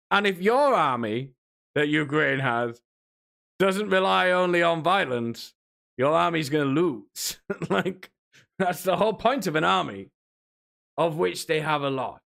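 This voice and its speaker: A man's voice: a little high, very animated, takes it slowly, gravelly, a bit bright. A man streaming, rambling and mocking in a casual rant, often laughing between remarks. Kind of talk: casual ranting commentary.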